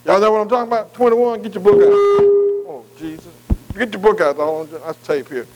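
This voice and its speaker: A man's voice: high voice, animated, fast, lo-fi sound. An older man preaching a folksy sermon, often checking in with his congregation. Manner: folksy, calls for congregation response.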